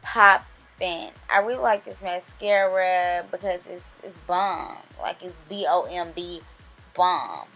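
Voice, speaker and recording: A woman's voice: lowish voice, takes it slowly, fairly bright tone. A young woman talking viewers through her makeup in a casual, chatty way, addressing them directly as she works. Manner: chatty, talks straight to viewers. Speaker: beauty vlogger. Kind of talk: casual makeup tutorial narration. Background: faint music.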